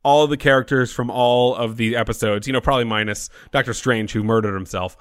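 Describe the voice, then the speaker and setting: Male podcast co-host, smooth clear voice, dry close sound, brisk offhand delivery. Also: mid-range voice, fairly even intonation, fairly bright tone, no echo. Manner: quick, offhand, reads lists very fast. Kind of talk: casual chat.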